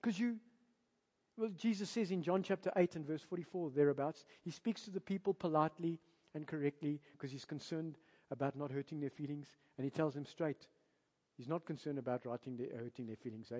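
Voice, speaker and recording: A man with a South African accent preaching a sermon as a pastor, emphatic and animated, firing rhetorical questions at his congregation. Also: fairly high pitch, brisk. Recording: long reverb of a large hall.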